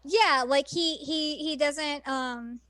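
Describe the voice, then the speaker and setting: Female podcast co-host, relaxed rambling anime talk, higher voice, dry recording. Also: slow, no room sound. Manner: rambling, many fillers and restarts. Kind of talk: casual anime discussion.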